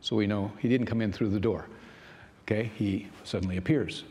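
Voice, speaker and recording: A man's voice: on the low side, steady tone, brisk, darkish tone. A male pastor retelling a scripture story in a loose, conversational sermon, full of fillers and asides. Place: large church sanctuary. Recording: long church hall reverb.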